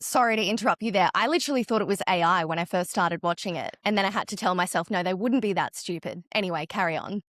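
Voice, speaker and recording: A woman's voice: medium pitch, quick pace, few pauses, fairly bright tone, no room sound. A woman with an Australian accent co-hosting a news podcast, chatty and wry with a sarcastic edge, recorded on a studio mic. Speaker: podcast co-host and journalist. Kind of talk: casual news chat.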